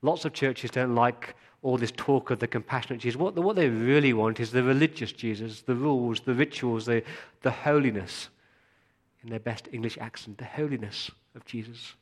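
A man's voice: mid-range voice, brisk, few pauses. A male pastor giving a sermon, speaking earnestly and appealing directly to his congregation.

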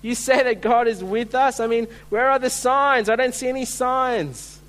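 A preacher voicing a doubting, anxious young biblical farmer who questions and pleads in disbelief, inside a sermon. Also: male voice, high voice, expressive, measured pace, fairly bright tone, big-room sound. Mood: complaining. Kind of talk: sermon role-play.

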